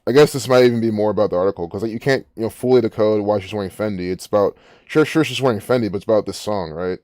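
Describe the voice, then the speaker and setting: A man's voice: on the low side, rapid-fire, darkish tone, no echo, studio quality. A man hosting a casual commentary, rambling and musing aloud with frequent restarts. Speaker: gematria channel host.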